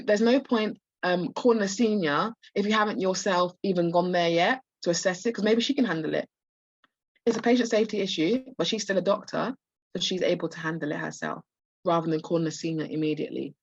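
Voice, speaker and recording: A woman tutor, hoarse and losing her voice, walks students through practice test answers with many restarts and fillers. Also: on the low side, brisk, no echo, dull audio. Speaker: medical school admissions tutor. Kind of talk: live online practice test walkthrough.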